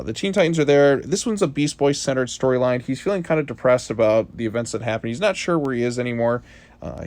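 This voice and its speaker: A man talks through a comic book issue in a loose, casual review. His voice sits at a medium pitch, and his talk rambles with plenty of fillers and restarts. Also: a little mellow.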